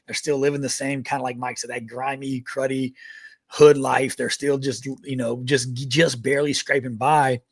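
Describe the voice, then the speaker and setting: An army veteran in his thirties co-hosts a podcast, telling laughing, profane stories in a casual, animated way. His mid-range voice has a breathy edge and moves at a moderate pace, and the recording is dry.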